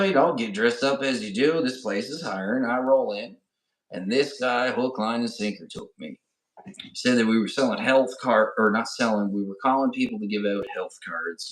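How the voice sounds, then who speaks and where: A middle-aged man co-hosting a podcast, telling a casual story and often checking in with "right?" and "you know". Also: medium pitch. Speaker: podcast co-host. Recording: roomy echo.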